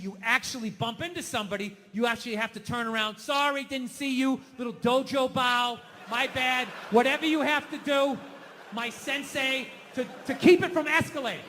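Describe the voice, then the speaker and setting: A middle-aged man doing a stand-up comedy set on stage, ranting loudly and swinging from low mutters to yells. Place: comedy stage in a large venue. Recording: reverberant hall, faint noise.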